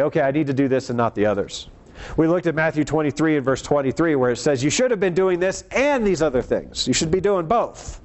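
Guy preaching in church, earnest, pushes up on the key points then drops low, mid pitch. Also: darkish tone. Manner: earnest, emphatic, rising to urgent appeals and dropping low at phrase ends. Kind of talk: sermon.

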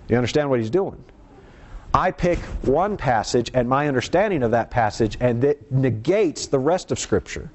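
A man's voice: medium pitch, animated, moderate pace, darkish tone. Man preaching a conversational sermon. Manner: conversational, poses rhetorical questions to the congregation.

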